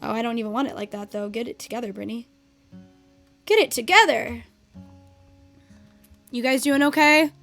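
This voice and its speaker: A woman's voice: high-pitched, lively intonation, normal speed, pauses often, fairly bright tone. A young adult woman streaming a game, chatting casually with viewers and swearing at the game while she teaches. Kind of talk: casual live-stream chat. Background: faint guitar music.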